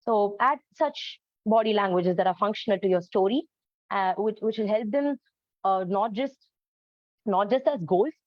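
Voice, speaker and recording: A woman gives an educational talk, explaining her points earnestly and pausing often on ums and uhs. Her voice sits at a middling pitch. The recording is dull and lo-fi, with a dry, close sound. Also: no echo. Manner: earnest, explanatory, many fillers. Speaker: presenter on storytelling for autistic children.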